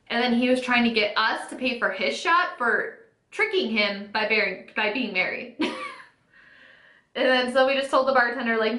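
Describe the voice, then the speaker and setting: In an echoey room at home, a beauty vlogger in her twenties chats while applying makeup, her slightly high voice bright and pushed at a normal speed. It's a casual storytime full of "like," with quotes acted out.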